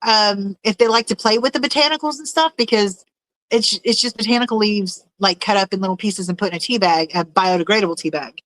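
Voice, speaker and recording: A woman's voice: mid-range voice, brisk, a bit bright, dry recording, low-quality recording. Rambling woman on a livestream, dry mic. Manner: rambling, reads chat aloud, searches for words. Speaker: livestream host. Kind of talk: casual livestream chat.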